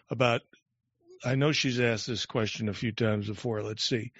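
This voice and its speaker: A man hosting a call-in show, brisk as he manages callers and reads out questions. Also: mid-range voice, fairly bright tone, no room sound. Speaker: host. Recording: dry, dull lo-fi audio.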